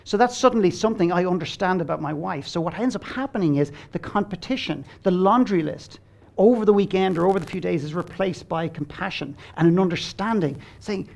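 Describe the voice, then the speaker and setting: A man's voice: high-pitched, fairly quick, gravelly. A man speaking as a guest coach, telling stories in an earnest, blunt way, acting out quoted dialogue and swearing casually. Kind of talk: conversational storytelling.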